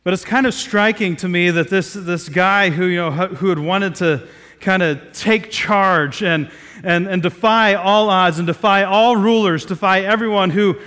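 A man's voice: sits high, measured pace, fairly bright tone, long reverb tail. A man from Southeast Ohio preaching a sermon in a conversational way, with many fillers and restarts, gathered outdoors in a square.

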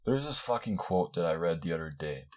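A man's voice: animated, a little fast, a little mellow, a little hiss or hum. A young man hosting his own podcast, ranting casually and profanely, rambling with constant fillers. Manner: mocks others in high squealing voices. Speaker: podcast host. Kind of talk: casual solo rant.

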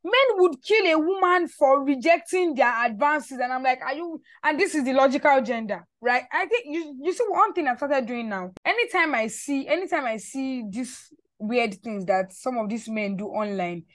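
A woman hosting a casual podcast chat, animated and repeating words as she builds her point. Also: high-pitched, normal speed, hardly any pauses, no room sound. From Nigeria. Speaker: podcast host.

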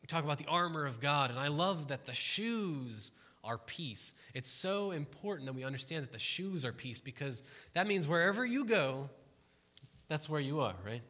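A man's voice: a little high, animated, moderate pace, sharp tone. A man preaching a conversational sermon to a congregation, often checking in with the room and acting out quoted voices. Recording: long hall reverb.

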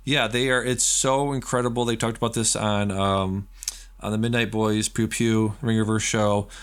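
A man co-hosting a podcast, chatting casually and rambling as he retells scenes with quick acted-out quotes. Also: fairly low pitch, steady tone, clear, resonant tone. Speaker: podcast co-host. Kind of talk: casual chat.

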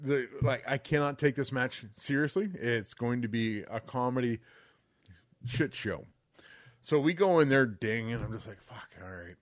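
A man co-hosting a podcast, telling a story in an animated, profane way with frequent laughter, close to the mic. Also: medium pitch, normal speed, no echo. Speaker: podcast co-host. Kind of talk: casual storytelling.

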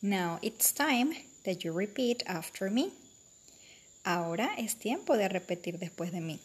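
A woman teaching a bilingual vocabulary lesson for children, speaking slowly, clearly and repetitively. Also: mid-range voice, animated.

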